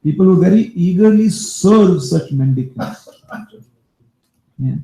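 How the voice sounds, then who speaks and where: A male preacher telling a devotional story in a sermon, as an animated storyteller who turns aside to talk to his listeners. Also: high voice, unhurried. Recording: echoey room.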